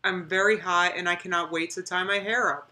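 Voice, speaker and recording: A woman's voice: lowish voice, steady tone, normal speed, pushed and bright. A young woman chatting casually on her live stream, rambling and reading out viewer comments.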